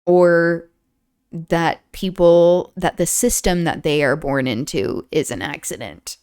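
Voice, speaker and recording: A streamer reads a book's introduction aloud in a smooth, clear voice. She sometimes stumbles over a word and starts it again. Now and then she stops to add a casual, chatty comment of her own. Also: lowish voice, slow pace, darkish tone. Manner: stumbles and restarts on words, laughs at own slips. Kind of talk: reading aloud with casual asides. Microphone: streaming setup.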